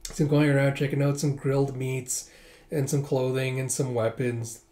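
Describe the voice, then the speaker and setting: A man casually narrating a manga readthrough, chatty and amused with quick asides. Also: medium pitch, level tone, mellow. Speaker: manga reader.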